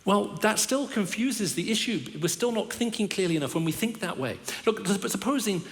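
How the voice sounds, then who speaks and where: A man's voice: high-pitched, animated, moderate pace. A middle-aged man giving a sermon as a guest preacher, telling stories with humor and wry asides about himself. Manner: storytelling with humor and self-deprecating asides. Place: large church hall. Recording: long reverb of a big hall.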